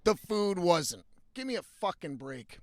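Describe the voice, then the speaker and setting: Profane high-voiced man ranting. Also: very animated, a little slow, no room sound, clean studio sound. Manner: profane, blunt, frequently exasperated. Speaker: vlogger. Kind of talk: casual storytelling rant.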